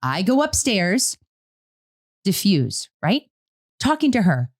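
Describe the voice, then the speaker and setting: A middle-aged woman co-hosting a casual parenting talk, telling a family story in an animated way and acting out what she said. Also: medium pitch, slow. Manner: animated storytelling, quotes her own words. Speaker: podcast co-host.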